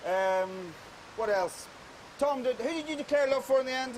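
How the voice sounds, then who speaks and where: A man's voice: very high voice, normal speed, slight background noise, low-quality recording. A man with a Northern Irish accent, bantering cheekily with a crowd from an outdoor square. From Northern Ireland. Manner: cheeky, teasing, joking. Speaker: public art participant addressing a crowd. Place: outdoors in a large public square.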